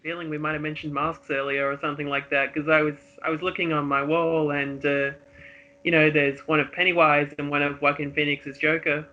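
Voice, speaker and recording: A man's voice: fairly high pitch, little pitch movement, a little fast, phone-quality sound. A man co-hosting a podcast, chatting easily about films and thinking aloud. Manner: easygoing, chuckling, thinks aloud. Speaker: podcast co-host. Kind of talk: casual film chat.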